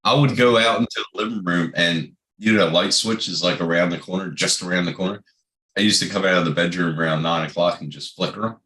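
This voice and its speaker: A middle-aged father with a low, fast, bright and forceful voice tells funny stories in casual chat. He swears often and laughs as he goes.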